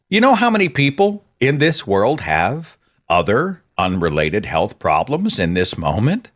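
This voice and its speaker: A man's voice: on the low side, sing-song, measured pace, a bit bright. A middle-aged man hosting a podcast monologue, impassioned and exasperated, moving between dry asides and outbursts. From Oklahoma, USA. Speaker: podcast host.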